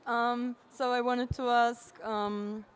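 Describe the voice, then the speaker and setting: A woman in the audience asking a question, shy and soft-spoken. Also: on the high side, level tone, slow, smooth.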